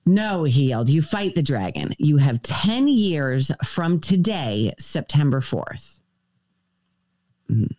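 A woman's voice: extremely low pitch, warm tone, dry recording. A woman guest on a podcast, earnestly recounting a personal story and quoting dialogue in shifting voices. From United States.

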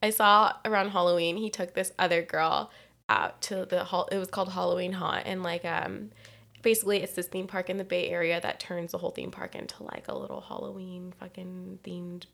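A woman's voice: on the low side, fairly even intonation, fairly quick, vocal fry, fairly bright tone. A woman in her twenties from California, a podcast co-host telling a personal story in casual chat, candid and profane, often laughing mid-sentence.

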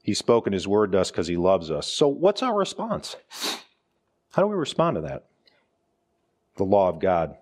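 Pastor, middle-aged man, slightly low pitch; conversational sermon delivery, rhetorical questions, light humor. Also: very animated, moderate pace, long pauses, darkish tone. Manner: conversational preaching with rhetorical questions, frequent "right?".

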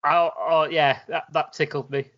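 A man's voice: fairly high pitch, steady tone, normal speed, highs cut off. A man co-hosting a podcast in casual chat, laughing often and repeating himself for emphasis. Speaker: podcast co-host.

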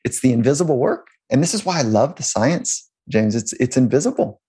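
A man speaks as a sports psychologist in a relaxed interview, his voice sitting in an ordinary middle register. He rambles easily, restarting sentences and laughing softly as he builds his point. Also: mid-range voice, fairly quick, slightly rough. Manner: loose and rambling, with frequent restarts and chuckles. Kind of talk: conversational interview storytelling.

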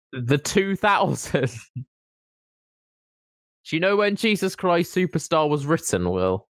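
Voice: mid-range voice, sing-song, takes it slowly, pauses often, no echo. Co-host, comic banter, mocking and giggly, dry sound. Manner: teasing, mocking, laughs often. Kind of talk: casual comedic chat.

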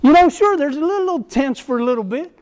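High-voiced man preaching earnestly. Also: lively intonation, quick pace, a little mellow, slight background noise. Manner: earnest, exhortative, repeats phrases. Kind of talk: sermon to men.

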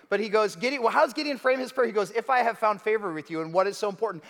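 A man preaching a sermon as pastor, dramatic, moving between hushed lines and emphatic ones. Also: high voice, very fast, few pauses. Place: church hall. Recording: reverberant hall.

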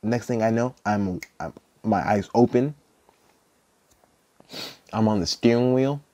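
A young man tells a personal story on his podcast, his voice sitting very low and the sound dry and close. He rambles and restarts, filling nearly every phrase with "like" and the odd curse. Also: unhurried, dark tone, no echo. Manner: rambling, heavy use of "like", profane. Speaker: podcast host.

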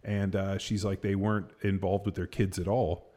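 A man's voice: low voice, little pitch movement, normal speed, dark tone. A man in his forties telling a story in casual chat, rambling with lots of fillers and blunt swearing.

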